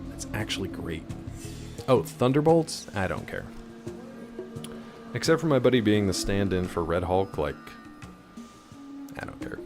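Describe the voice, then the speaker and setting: A young man chatting casually on a live stream, answering chat and hopping between topics while he plays. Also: on the low side. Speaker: game streamer.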